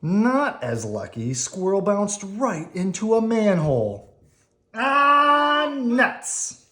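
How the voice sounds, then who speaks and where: A woman reading a bedtime story aloud to her child at home, playful and animated. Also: medium pitch, slow pace.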